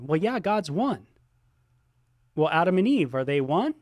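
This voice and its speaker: Middle-aged man, pastor, fairly high voice, preaches in an animated, chatty way, close dry sound. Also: measured pace, no room sound. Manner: animated, exclaims and voices imagined listener reactions; many ums and you-knows. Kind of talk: sermon teaching.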